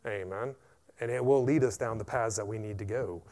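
Pastor man, animated sermon delivery, plenty of amens. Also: lowish voice, a little fast. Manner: animated preaching, frequent amens.

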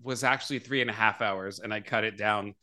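A man's voice: on the low side, fairly even intonation, fairly quick, bright, forceful tone. A man hosting a podcast in casual chat, talkative, laughing often and joking at his own expense. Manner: chatty, laughs often, self-deprecating. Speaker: podcast host.

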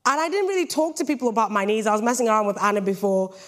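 Young female British preacher, playful storyteller, slightly high voice. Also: racing. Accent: British English. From Britain. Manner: lively, jokey storytelling. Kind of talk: sermon.

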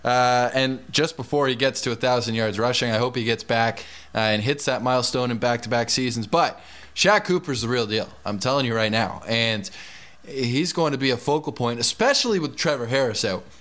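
A man's voice: medium pitch, normal speed, fairly bright tone. A man giving confident, emphatic fantasy football picks as a regular analyst on a sports podcast. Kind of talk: casual sports podcast chat.

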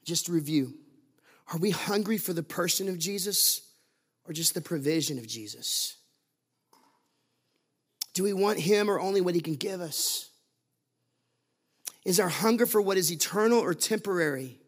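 High-voiced man preaching emphatically. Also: lively intonation, moderate pace, long pauses, slightly rough. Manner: emphatic preaching, rhetorical questions, repeats phrases for stress. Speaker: pastor. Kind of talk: sermon.

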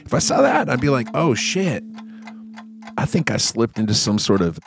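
A man's voice: mid-range voice, wildly swooping pitch, moderate pace, creaky, music in the background. A man hosting a podcast, riffing crudely in a rambling, casual comedic monologue. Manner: crude, rambling, riffing with silly put-on voices. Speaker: podcast host.

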